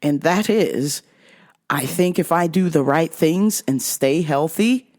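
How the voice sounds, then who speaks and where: A woman host talking casually and bluntly to her audience, swearing freely and laughing at a caller. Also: low voice. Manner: slow, animated delivery. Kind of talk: casual vlog monologue.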